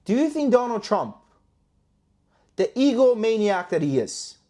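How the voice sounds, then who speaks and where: A man's voice: sits high, sing-song, a little slow, dark tone. A man from Canada hosting a stock market commentary vlog in a brash, profane, hype-driven way, full of rhetorical questions. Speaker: stock trading YouTuber. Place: London, indoors.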